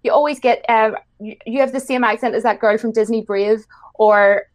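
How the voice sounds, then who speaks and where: A woman with an Irish accent, a YouTuber guest chatting casually and warmly, often laughing. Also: a little high, steady tone, normal speed. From Ireland. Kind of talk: casual chat.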